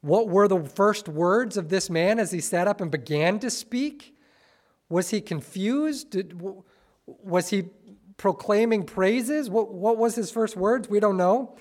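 Slow-speaking high-voiced male pastor. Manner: dramatic, rhetorical questions, varies loudness. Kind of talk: sermon.

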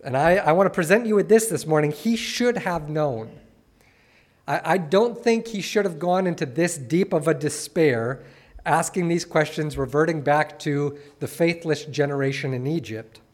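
A man's voice: fairly high pitch, normal speed, a little mellow. A man preaching a sermon, reading scripture with feeling and breaking into conversational asides. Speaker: pastor.

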